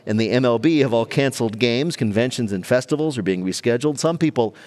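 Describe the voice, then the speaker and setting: A man's voice: mid-range voice, fast talker, a little mellow, big-room sound. A man hosting a comedy news quiz before a live audience, delivering wry quips and punchlines. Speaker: quiz show host.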